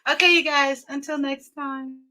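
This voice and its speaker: Bright, slow-talking laughing woman host. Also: on the high side, lively intonation. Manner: laughing, chatty, talks to viewers. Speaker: livestream host. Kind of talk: casual livestream chat.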